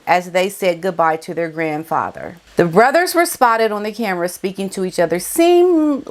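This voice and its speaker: A woman vlogger giving casual celebrity gossip commentary, emphatic and colloquial, repeating key words for effect. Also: medium pitch.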